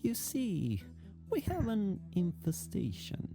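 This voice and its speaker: Woman putting on a gravelly timid townsperson. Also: medium pitch, huge pitch swings, slow, warm tone, soft background music, pitched below the performer's own voice, heavily acted. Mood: nervous. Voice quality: gravelly, creaky.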